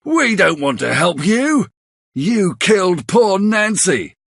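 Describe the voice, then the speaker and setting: A man doing a defiant young thief yelling back. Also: medium pitch, huge pitch swings, very slow, breathy edge, no room sound, clean studio sound, pitched above the performer's own voice, heavily acted. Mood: angry. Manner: shouting angrily. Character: defiant young male thief, angry and brave.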